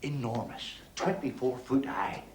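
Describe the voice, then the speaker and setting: An actor playing a crude, cheeky middle-aged club comic from Belfast, with a Northern Irish accent, doing a bawdy stand-up routine on stage. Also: male voice, medium pitch, measured pace, background noise, close to an everyday voice. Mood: cheeky patter. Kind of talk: 1970s TV drama, stand-up routine. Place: club stage before an audience. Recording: roomy club hall, loud audience.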